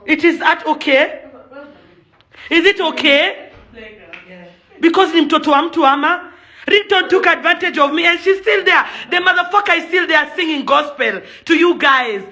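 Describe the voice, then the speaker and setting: Furious high-voiced Kenyan woman. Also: pushed and bright. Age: young adult. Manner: impassioned and accusing, mixing in Swahili phrases. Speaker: events promoter and celebrity. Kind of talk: angry rant to camera.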